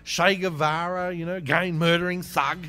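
A man's voice: sits high, little pitch movement, normal speed, bright, forceful tone, faint music behind. A man co-hosting a show, giving an irreverent, profane comic retelling full of rambling asides. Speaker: podcast co-host.

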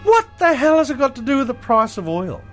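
High, lively ranting man host. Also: brisk, faint music behind. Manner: ranting, blunt and crude. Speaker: radio show host. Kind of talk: casual comedic chat.

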